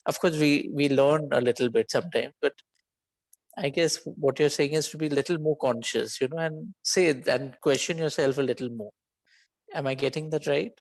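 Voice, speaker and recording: A man's voice: a little high, normal speed, no room sound, poor audio. A man in a casual discussion who talks hesitantly, filling his sentences with "you know" as he checks his understanding. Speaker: conversation partner asking questions.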